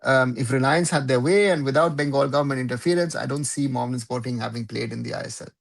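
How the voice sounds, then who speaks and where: A man's voice: mid-range voice, fast, vocal fry. A man hosting a live football talk show, giving opinionated commentary in a conversational way and often checking in with "right?".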